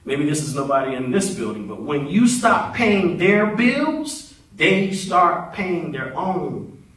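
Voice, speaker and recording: A man's voice: fairly high pitch, very animated, slow pace, fairly bright tone, distant mic. A man minister giving a talkative, playful sermon, leading the congregation in call-and-response. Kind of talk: conversational sermon. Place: church sanctuary. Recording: echoey sanctuary, voice heard from afar.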